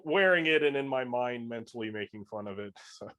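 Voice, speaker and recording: A man's voice: mid-range voice, expressive, fairly quick, pushed and bright. Wry male tabletop player. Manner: wry, laughing. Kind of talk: casual tabletop play.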